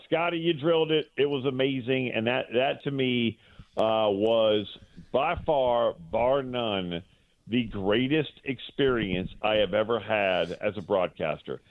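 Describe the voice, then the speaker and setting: A middle-aged guest sports broadcaster calls into a show and tells an emotional story, rambling with fillers and restarts. His mid-range voice is unhurried, heard over a dry, tinny phone line.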